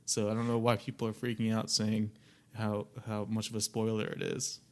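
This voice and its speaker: A young man co-hosting a film podcast, speaking in a calm, matter-of-fact way. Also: lowish voice, normal speed. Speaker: podcast co-host. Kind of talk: casual chat.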